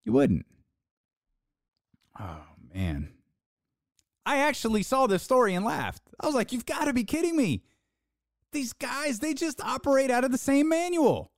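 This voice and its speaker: A podcast host giving an opinionated sports talk monologue, sarcastic, with mocking put-on quotes and dramatic pauses. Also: high-pitched, big pitch swings, gravelly, dry recording, clean studio sound.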